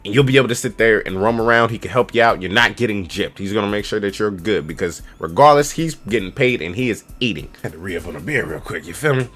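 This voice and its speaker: A young man in his twenties talks through travel tips in a loose, slangy, rambling way. His voice is lowish and has a forceful, bright edge. Faint music plays behind him. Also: expressive, fast, few pauses. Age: 20s. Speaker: travel vlogger. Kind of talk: casual spoken advice to camera.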